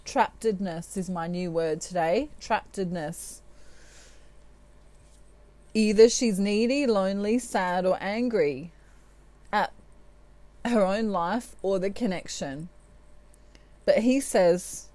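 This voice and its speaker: A woman's voice: mid-range voice, slow pace, long pauses, warm tone, no echo. A middle-aged woman giving a tarot reading, laughing often and acting out quoted lines. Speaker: tarot reader.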